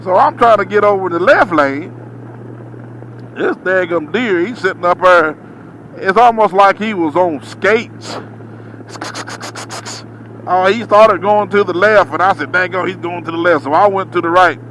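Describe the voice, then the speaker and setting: A man's voice: sits high, a little slow, a bit bright, slight background noise, rough recording. A man, a truck driver, telling a story in a casual, drawling way and acting out his own reactions.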